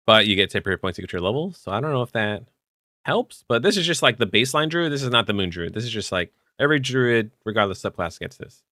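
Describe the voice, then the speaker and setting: A man co-hosting a podcast, chatting casually about tabletop game rules with relaxed fillers. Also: on the low side, no echo, studio quality. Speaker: podcast co-host.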